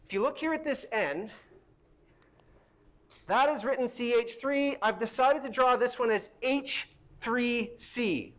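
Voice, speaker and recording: A man's voice: very high voice, lively intonation, measured pace, fairly bright tone. A middle-aged man teaching a university chemistry lecture in a hall, conversational and asking the class questions as he goes.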